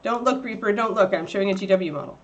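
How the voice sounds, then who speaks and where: A woman's voice: fast, a little hiss or hum. A woman hosting a livestream, chatting casually and rambling while she paints miniatures. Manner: rambling and chatty, baby-talking to her dog in a high voice.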